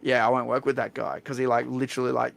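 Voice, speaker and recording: An Australian man hosting a stream, telling a story in a blunt, profane, animated way. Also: mid-range voice, fast talker, gravelly. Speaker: streamer host. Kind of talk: casual storytelling chat.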